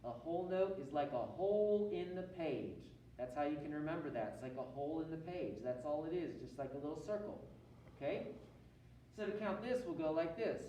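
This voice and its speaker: A man's voice: fairly high pitch, lively intonation, brisk, mellow, very echoey, recorded from a distance, slight background noise, low-quality recording. A man teaching a rhythm lesson, counting beats aloud and having students repeat after him. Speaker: music teacher.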